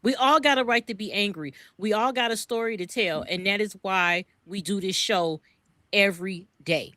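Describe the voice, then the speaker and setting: A woman's voice: medium pitch, normal speed, sharp tone, no echo. A woman co-hosting a podcast, speaking in impassioned commentary, repeating words when worked up and swearing freely. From US East Coast. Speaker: podcast co-host.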